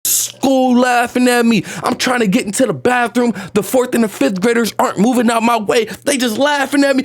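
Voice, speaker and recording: Male vlogger, high voice, emotional storytime monologue, slangy, raw, near tears. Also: brisk, hardly any pauses. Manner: animated, repetitive retelling, slangy and profane. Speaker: vlogger telling a personal story.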